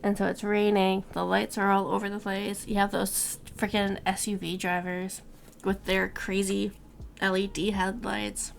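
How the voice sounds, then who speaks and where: A young woman streamer chatting casually and rambling to her viewers, swearing now and then, with a gravelly voice. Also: medium pitch, level tone, measured pace, a little hiss or hum.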